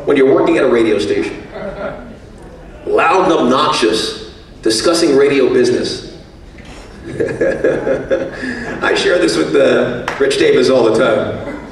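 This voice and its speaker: A man's voice: mid-range voice, far from the mic. A man giving an after-dinner banquet speech, telling self-mocking stories in a joking way. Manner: self-mocking, jokey storytelling. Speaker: banquet speaker, radio executive. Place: banquet hall. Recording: echoey hall, voice from afar.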